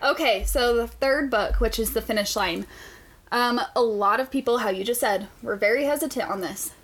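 Woman co-host with a raised pitch. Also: normal speed. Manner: profane, animated storytelling. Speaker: podcast co-host. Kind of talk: casual book chat. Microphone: podcast mic.

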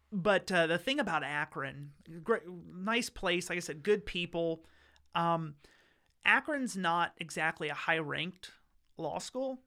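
A man's voice: a little high, pushed and bright. A man, a guest in an interview, telling casual stories in a chatty way, acting out quotes with lots of fillers and restarts. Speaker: interview guest recounting law school. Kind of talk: casual storytelling.

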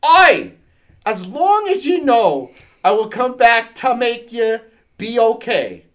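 A man voicing a young Scottish man in his twenties at a pub, with a put-on Scottish accent and loud, exclaiming lines. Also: very high voice, sing-song, takes it slowly, pitched above the performer's own voice, heavily acted. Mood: hearty. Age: 20s.

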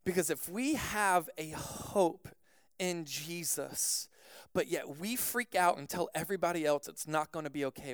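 A man preaching a sermon as pastor, telling a personal story in an animated way with frequent "like" fillers. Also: on the high side, a little slow, smooth, no echo, studio quality.

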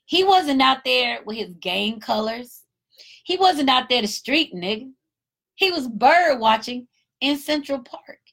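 A woman giving an emphatic, animated casual commentary, a parent talking in her own voice. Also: high voice, a little slow, gravelly. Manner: emphatic, animated storytelling with acted-out quotes.

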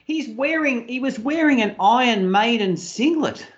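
A man's voice: very high voice, unhurried, dull audio. An Australian man co-hosting a casual sports podcast, teasing and incredulous as he runs through odd stories. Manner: animated, incredulous ribbing. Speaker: podcast co-host.

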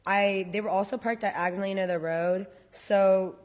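A woman's voice: mid-range voice, steady tone, normal speed. A young adult woman talking candidly and rambling in casual podcast chat, with many filler words. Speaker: podcast host or guest.

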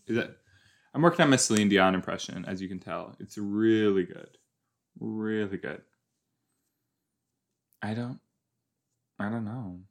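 A man's voice: on the low side, measured pace, pauses often. A young man hosting a casual watch-along podcast, rambling and chatty with joking asides. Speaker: podcast host.

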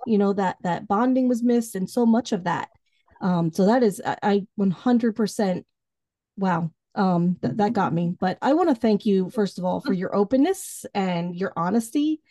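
A woman's voice: medium pitch, dark tone, no room sound, clean studio sound. A woman hosting an interview, sharing a personal story in a heartfelt, thoughtful way. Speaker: podcast host.

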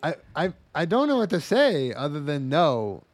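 A man's voice: on the high side, big pitch swings, moderate pace. A man co-hosting a podcast in casual chat, joking and riffing on an anime episode. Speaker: podcast co-host.

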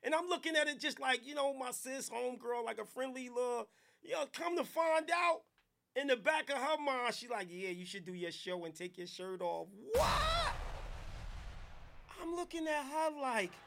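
High, gravelly-voiced man ranting. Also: moderate pace. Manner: animated, loud bursts of hype and chanting. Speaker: podcast host. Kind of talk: comic live-stream rant.

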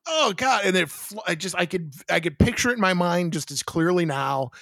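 A man chiming in during a casual podcast chat with a gravelly voice. His pitch moves around a lot, and the sound is dry and close. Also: lively intonation, a little fast, a bit bright, no room sound. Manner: brief interjections, laughing along. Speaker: podcast co-host.

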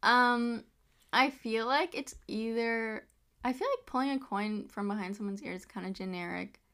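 A woman's voice: on the high side, fairly even intonation, a bit bright. A young woman co-hosting a podcast, reacting and guessing in a casual, easygoing way. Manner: reactive, quick to respond, giggly asides. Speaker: podcast co-host. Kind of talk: casual chat.

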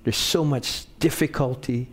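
A man's voice: medium pitch, steady tone, a little slow, slightly rough. A middle-aged man preaching a sermon with personal stories, talking conversationally and often checking in with the congregation. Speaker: pastor.

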